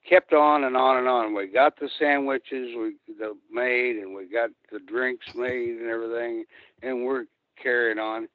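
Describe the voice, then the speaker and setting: An older man spins long, profane road stories, phoning in on a thin, tinny line. His pitch sits in an ordinary middle range. The sound is dry, with no room around him. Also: fairly even intonation, unhurried, no room sound. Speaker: guest wrestler. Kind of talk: storytelling on a phone-in. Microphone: phone.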